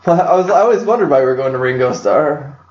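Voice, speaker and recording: A man's voice: a little high, lively intonation, fast, darkish tone. Jokey young man, echoey lo-fi podcast. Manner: jokey, rambling, laughs often. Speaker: podcast host. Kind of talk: casual chat. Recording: echoey room, dull lo-fi mic.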